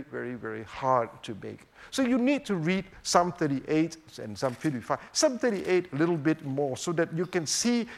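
A man teaching a sermon on the Psalms, swinging between emphatic rhetorical questions and hushed, quiet moments. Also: a little high, vocal fry. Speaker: preacher.

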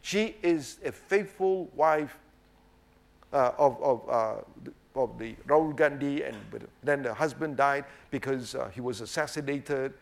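A man's voice: medium pitch, unhurried, creaky. A man preaching a sermon, emphatic and rhetorical, often checking with his listeners. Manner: emphatic, rhetorical, keeps asking "right?" and saying "obviously".

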